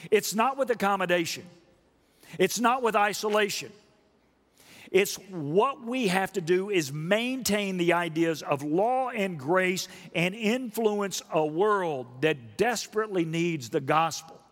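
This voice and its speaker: A man preaching a sermon emphatically, asking the congregation questions and building up to loud repeated stresses. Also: sits high, animated, measured pace. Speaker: pastor. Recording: long reverb of a large hall.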